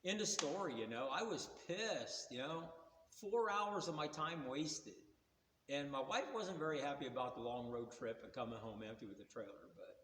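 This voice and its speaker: A man in his sixties tells car stories in a casual, rambling, folksy way, with a voice pitched a little higher than most men's. The recording is roomy, and a long reverb trails behind his words. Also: lively intonation, moderate pace, a bit bright, a little hiss or hum. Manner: rambling, folksy, plain-spoken. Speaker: car vlogger. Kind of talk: casual storytelling.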